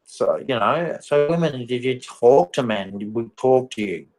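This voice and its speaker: A man's voice: medium pitch, expressive, measured pace, a crowd in the background, low-quality recording. A man ranting bluntly and repetitively in a casual vlog monologue. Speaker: vlogger.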